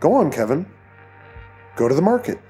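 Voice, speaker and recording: A man voicing a calm, menacing male cult leader in an audiobook, speaking in a slow, soothing, coldly controlled way. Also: on the high side, faint music behind, voice pushed up.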